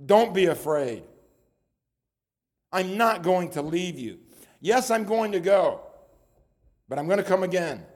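High pitched guy preaching, earnest, keeps restarting his words. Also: animated, a little slow, long pauses, darkish tone. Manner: earnest, repeats words while building points. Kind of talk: sermon.

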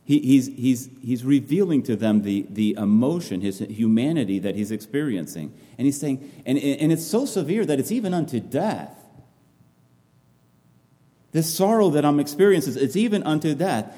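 Guy preaching, swoopy lively pitch, mellow tone, repeats stuff for emphasis. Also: normal speed. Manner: impassioned, repeats phrases for emphasis. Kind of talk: sermon. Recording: long reverb of a large hall.

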